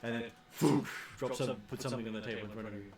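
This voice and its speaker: A man narrates a tabletop game as game master, pausing often with fillers. His voice sounds distant in a very echoey room. Other people chatter nearby. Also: mid-range voice. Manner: hesitant, many fillers. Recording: echoey room, far from mic.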